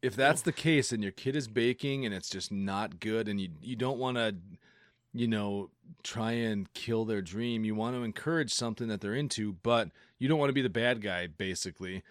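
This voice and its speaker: A man's voice: lowish voice, moderate pace, dry recording. A man co-hosting a casual podcast, easygoing and laughing often. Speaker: podcast co-host. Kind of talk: casual chat.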